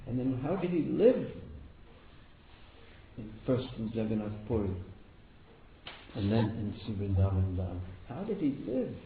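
A man with a gravelly, mid-range voice, a spiritual teacher, gives a devotional talk full of stories, often repeating words for emphasis. It's recorded in an echoey room over a tinny, phone-like line with background noise.

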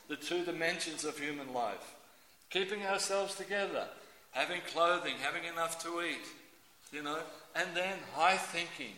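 A man preaching a sermon in a lively, theatrical way, acting out everyday scenes with voices. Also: on the high side, slight background noise. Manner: animated, acts out scenes with voices. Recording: echoey hall.

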